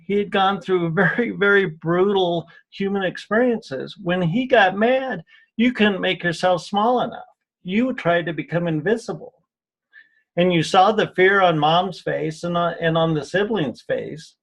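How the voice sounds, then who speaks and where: A man with a notably high voice speaks as a guest on a radio interview. He tells personal stories earnestly, often repeating words and restarting his sentences. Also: a bit bright. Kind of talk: radio interview, spiritual healing talk. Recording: radio show audio.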